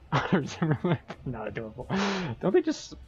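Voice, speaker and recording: A young man streaming a game at home, chatting in a rambling, excitable way with bursts of high-pitched yelling. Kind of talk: casual live-stream chat. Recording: dull lo-fi stream audio with faint music.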